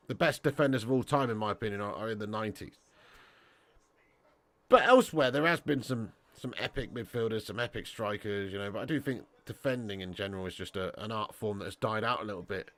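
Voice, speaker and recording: A man's voice: fairly low pitch, a bit bright, no echo. A British man hosting a live football watch-along, chatting casually and reading out viewer comments. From Britain. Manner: chatty, laughs often, calls viewers mate and lad.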